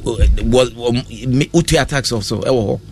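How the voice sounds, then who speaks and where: A man's voice: medium pitch, a little fast, gravelly. A Ghanaian man hosting a casual radio interview. He is playful and teasing and laughs often. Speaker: radio host.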